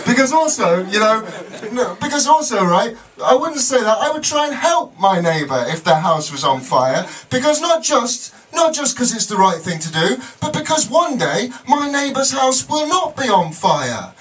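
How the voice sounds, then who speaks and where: A man's voice: sits high, sing-song, normal speed. A man performing a live stand-up set, telling stories in a rambling, ironic way. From Britain. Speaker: stand-up comedian. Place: comedy club with audience. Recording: distant mic, loud crowd laughter.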